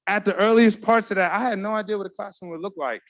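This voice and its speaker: A man's voice: high voice, fast. A man giving an emotional, earnest award speech from an awards ceremony stage, talking straight to the crowd. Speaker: award presenter.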